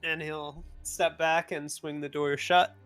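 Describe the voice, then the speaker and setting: A man narrating as game master of a tabletop game in a relaxed, rambling way. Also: a little high, slow pace, no echo, soft background music. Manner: relaxed, rambling, with filler words.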